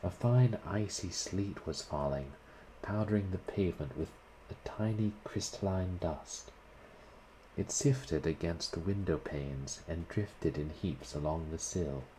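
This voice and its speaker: Deep, slow-reading man narrating a story. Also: mellow, slight background noise, rough recording. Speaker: reader of a short story. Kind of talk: audiobook-style story reading.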